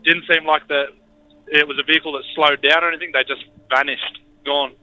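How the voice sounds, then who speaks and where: A man's voice: a little high, fairly even intonation, a little fast, sharp tone, a little hiss or hum. Australian man telling a story on a phone call. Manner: laid-back, hesitant storytelling. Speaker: caller.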